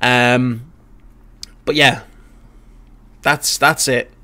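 A man's voice: medium pitch, fairly even intonation, extremely slow, pushed and bright. A man hosting a casual reaction video, giving his opinion in a blunt, chatty way and often restarting his sentences. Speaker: YouTube reaction host.

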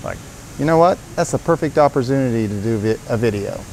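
A man's voice: medium pitch, lively intonation, fast, a little mellow, slight background noise. A man presenting his company's tool in a casual, upbeat product demonstration with salesman energy, in a workshop.

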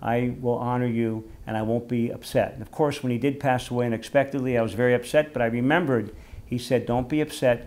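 Older man, rabbi, memorial sermon, gentle, heartfelt, mid-pitched voice. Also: fairly even intonation. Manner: gentle, heartfelt storytelling, slow for readings.

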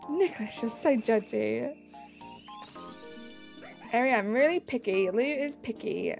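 A woman's voice: fairly high pitch, measured pace, long pauses, faint music behind. A young woman live streaming, answering chat messages in a bubbly, casual way.

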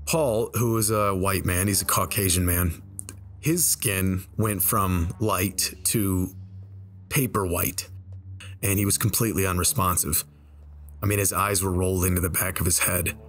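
Low-voiced man telling a story. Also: fairly bright tone, slight background noise. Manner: conversational, slows down for tense moments. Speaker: storyteller and game video creator. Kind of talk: casual spoken storytelling. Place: voice-over over gameplay footage. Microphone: desk microphone.

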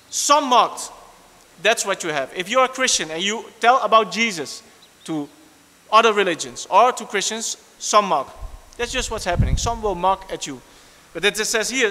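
A man's voice: sits high, pushed and bright, long reverb tail. A man preaching a sermon in an earnest, emphatic way, often repeating his phrases.

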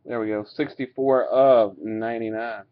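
A man's voice: fairly low pitch, fairly even intonation, normal speed. A man casually opening card packs, reading out each card and swearing now and then. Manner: laid-back, swears and laughs while reading out cards. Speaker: card breaker. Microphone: webcam mic. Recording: dull lo-fi webcam audio.

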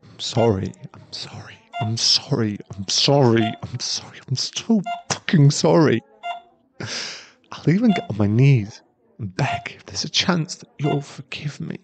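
A man's voice: mid-range voice, animated, a little slow. A man in an ASMR role-play, voicing a young boyfriend at a hospital bedside who pleads, stammers and sounds close to tears. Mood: pleading. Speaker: ASMR voice actor.

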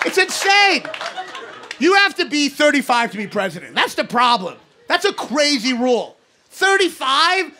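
High-voiced ranting comedian in his thirties. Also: sing-song, normal speed. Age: 30s. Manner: exasperated, ranting delivery with shouted punchlines. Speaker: stand-up comedian. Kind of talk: stand-up comedy set. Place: comedy club basement before a live audience. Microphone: handheld stage microphone. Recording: live club recording with audience noise. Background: audience laughter.

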